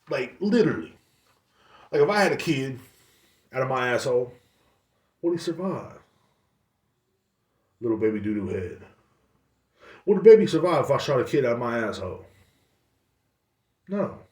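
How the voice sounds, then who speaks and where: A man's voice: medium pitch, recorded from a distance. A man hosting a podcast rants bluntly and swears constantly, and his voice rises and falls a lot as he goes. He sits back from the mic in a room that echoes. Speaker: podcast host. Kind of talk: profane casual rant.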